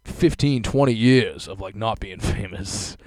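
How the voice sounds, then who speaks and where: A man's voice: on the low side, measured pace, darkish tone, dry recording. A man hosting a casual podcast, rambling and swearing and talking to listeners as folks. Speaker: podcast host.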